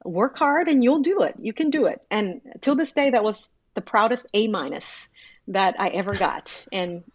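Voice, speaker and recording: A woman's voice: mid-range voice, animated, moderate pace, no room sound, muffled recording. A woman from Brazil, a native Portuguese speaker, talking as a professor in a podcast interview, earnest with many restarts. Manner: earnest, lots of restarts and little laughs.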